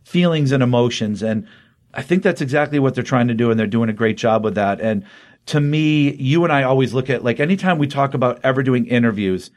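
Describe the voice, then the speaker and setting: A man's voice: mid-range voice, brisk. A man co-hosting a podcast, casually retelling a comic's story in a rambling way, slipping into quoted lines as he goes. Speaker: podcast co-host. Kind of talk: casual chat recapping comics.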